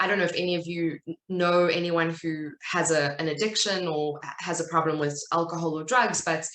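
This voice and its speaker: A woman with a South African accent speaks earnestly and conversationally to an online audience, often restarting her sentences. Her voice sits low but sounds bright and forceful. She is heard on a video call from an echoey room. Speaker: speaker at a virtual event. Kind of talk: personal talk to an online audience.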